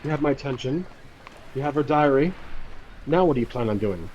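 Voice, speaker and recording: A man's voice: mid-range voice, expressive, a little fast, a little mellow, slight background noise, natural voice. A man voicing a guarded female dockmaster in a solo tabletop game, curt and questioning, on a dull lo-fi recording. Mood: wary. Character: guarded woman dockmaster, wry and wary.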